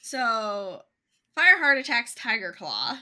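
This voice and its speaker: A young woman co-hosting a casual book podcast, retelling a story in a chatty way with quick voiced asides. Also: fairly high pitch, very animated, sharp tone. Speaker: podcast co-host.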